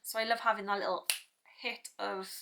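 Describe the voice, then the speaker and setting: A chatty British woman hosts an art tutorial in a casual, rambling way, often laughing at herself as she goes. Her voice is bright and forward. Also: medium pitch, flat delivery, fairly quick, vocal fry, slight background noise. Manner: chatty, self-deprecating, rambling asides. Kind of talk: casual chat to camera.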